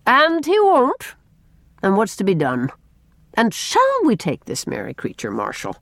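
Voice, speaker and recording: A woman reading an audiobook and voicing a brisk, kindly middle-aged farm wife who talks bluntly and calls people "dearie". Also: mid-range voice, wildly swooping pitch, vocal fry, no room sound, pitched above the performer's own voice, heavily acted. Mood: indignant. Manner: blunt, homespun, fond "dearie".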